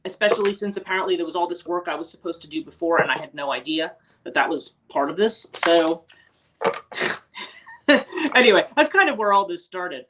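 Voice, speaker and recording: Rambling woman host, slightly low voice. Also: animated, a little fast, noisy background. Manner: rambling, with many restarts and asides to viewers. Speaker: teacher and life coach. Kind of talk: casual livestream chat.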